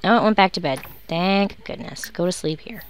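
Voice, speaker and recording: A woman's voice: on the low side, normal speed. A woman giving casual, sarcastic commentary while playing a life-simulation game, grumbling at her characters. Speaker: let's play host. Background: background music.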